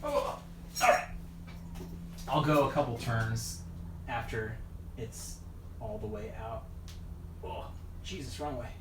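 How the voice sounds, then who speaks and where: A man with a medium-pitched voice speaks slowly, leaving long pauses, as he works on a bike during a casual livestream. He creates mountain bike videos and is tired after hours of work, chatting to his audience and muttering to himself. The space echoes, with some faint noise.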